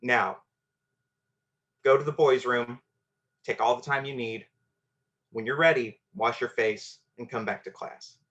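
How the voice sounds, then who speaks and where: A man voicing a calm, kind woman teacher who speaks gently but firmly, as part of a story. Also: medium pitch, a little slow, pauses often, muffled recording, natural voice. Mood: gentle. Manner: cool, gentle and firm.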